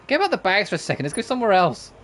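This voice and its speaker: A woman's voice: mid-range voice, big pitch swings, rapid-fire, soft background music, voice pushed up, close to an everyday voice. A streamer voicing Sanae, an eager teen girl who gushes over her friend, for a game playthrough. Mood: gushing. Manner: gushing, breathy-soft, pushy with compliments.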